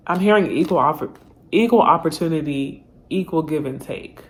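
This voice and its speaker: A woman's voice: sits low, moderate pace. A woman giving a casual tarot reading straight to her viewers, chatty and full of slang. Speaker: tarot reader.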